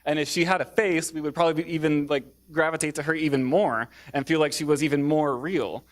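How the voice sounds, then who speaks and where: A man's voice: on the high side, fairly even intonation, a little fast. A man giving a public talk in a theater, hesitant, with many fillers and restarts. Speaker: speaker.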